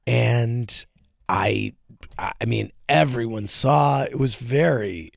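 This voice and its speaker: A man hosting a podcast, chatting casually and telling animated stories about his son. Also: slow, vocal fry, no room sound, clean studio sound. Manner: animated storytelling, quoting his son in a higher voice. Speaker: podcast host. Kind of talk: casual chat.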